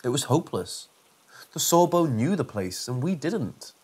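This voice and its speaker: A man narrating a first-person horror story in a steady, measured reading voice. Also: medium pitch, breathy edge.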